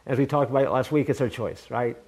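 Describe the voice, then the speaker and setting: A man's voice: medium pitch, fairly quick, vocal fry, darkish tone, husky. Man, pastor, sermon, earnest, conversational, many restarts. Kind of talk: sermon with personal storytelling.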